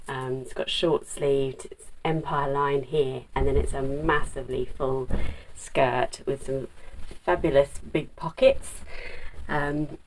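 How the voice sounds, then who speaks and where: Low-voiced chatty woman, a little off-mic. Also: distant mic, slight background noise, rough recording. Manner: chatty and rambling, many fillers and restarts. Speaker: sewing vlogger. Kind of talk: casual chat to camera.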